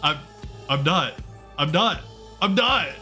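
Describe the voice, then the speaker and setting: A man's voice: fairly high pitch, expressive, extremely slow, sharp tone, faint music behind, voice pushed up, exaggerated voice. A man voicing a hulking, childlike man who wails and repeats himself in a tantrum, for a visual novel. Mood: defensive.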